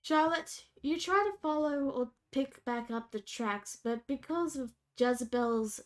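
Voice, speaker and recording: A woman runs a tabletop game, describing creatures and outcomes in casual narration. Her voice sits a little high. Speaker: game master.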